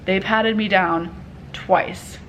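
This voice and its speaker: A young woman telling a story in a casual vlog, candid and animated, swearing freely and acting out what people said. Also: medium pitch, slow pace, a little hiss or hum, rough recording. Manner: candid, animated retelling with profanity and quoted dialogue. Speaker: vlogger.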